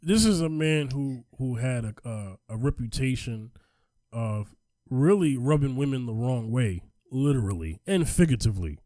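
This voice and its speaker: A man hosting a casual podcast discussion, animated and emphatic, often repeating himself for effect. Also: medium pitch, normal speed, dry recording, studio quality. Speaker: podcast host.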